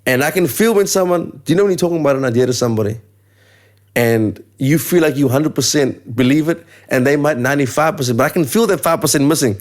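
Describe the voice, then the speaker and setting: A man's voice: a little high, fast talker. A man from South Africa, a musician guesting on a podcast, who chats casually in a slangy, agreeable way and keeps affirming what he hears. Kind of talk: casual conversation.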